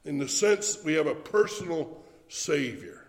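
A man preaching a sermon, emphatic and building to fervent shouts. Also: on the high side, sing-song, moderate pace, vocal fry, roomy sound, in a large hall.

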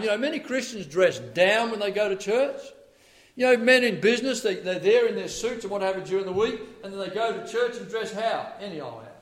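High-voiced preacher man. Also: a bit bright. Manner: reads quotes aloud with emphatic swings in volume; asks the congregation for responses. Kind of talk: sermon.

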